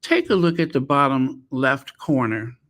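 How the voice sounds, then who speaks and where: A man's voice: mid-range voice, animated, a little slow, a bit bright. A man hosting a commentary channel, talking in a sarcastic, mocking way. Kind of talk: casual commentary.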